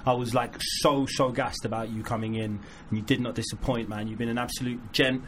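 A man's voice: mid-range voice, fairly even intonation, fairly quick. A man hosting a casual interview, friendly, enthusiastic and jokey. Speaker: podcast host. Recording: noisy background.

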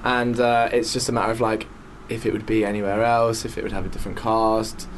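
A man's voice: on the low side, little pitch movement, a little fast, slight background noise. A male actor guest on a radio show, answering questions easygoingly and trailing off with frequent agreements. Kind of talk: casual radio interview. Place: radio studio. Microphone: studio microphone.

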